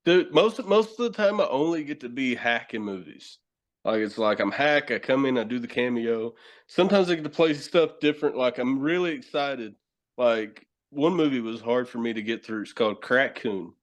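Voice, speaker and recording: A man's voice: mid-range voice, normal speed. A man with a Tennessee accent, a horror host and actor, swearing and laughing as he tells stories in a casual podcast chat. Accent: Southern US, Tennessee. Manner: loud, profane storytelling, laughing often.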